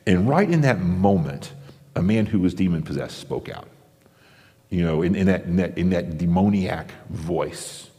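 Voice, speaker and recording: A pastor delivering a sermon in a conversational way, acting out the crowd's reactions, from the United States. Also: male voice, low-pitched, expressive, normal speed, warm tone. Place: large theater-style church auditorium. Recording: long hall reverb.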